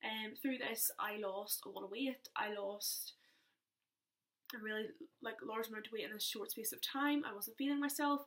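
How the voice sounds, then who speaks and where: A woman's voice: fairly high pitch, moderate pace, a bit bright. A young woman telling a personal story in a rambling, chatty way, often interrupting herself. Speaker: vlogger.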